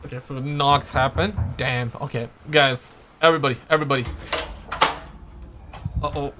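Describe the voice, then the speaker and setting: A man's voice: mid-range voice, fairly even intonation, normal speed, pushed and bright, slight background noise. A young man hosting a reaction video, talking casually and exclaiming often in slangy speech. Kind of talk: live reaction commentary.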